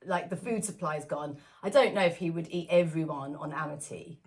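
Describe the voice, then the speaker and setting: Woman, lower-pitched voice, chatty, laughs a lot, casual podcast host. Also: normal speed. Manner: chatty, laughs often, many fillers. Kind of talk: casual film-discussion podcast chat.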